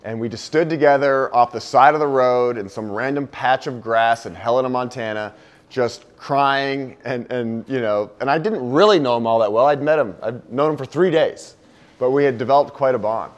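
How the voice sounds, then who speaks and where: A man speaks to an audience about a hard personal experience. His mid-range voice is earnest and emotional, sinking quietly on the saddest lines before rising again with hope. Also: moderate pace, dull audio. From United States. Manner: heartfelt, earnest, voice dips low and soft on sad moments. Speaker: speaker giving a talk. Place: indoor venue with a live audience.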